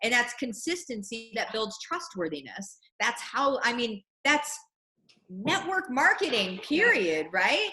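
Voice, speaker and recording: A woman's voice: a little high, sing-song, unhurried, sharp tone. A woman in her thirties, chatty and casual as an interview guest, with frequent restarts and easy laughs. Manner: chatty, many restarts and fillers, laughs easily. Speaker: interview guest, network marketer. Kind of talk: casual interview over video call.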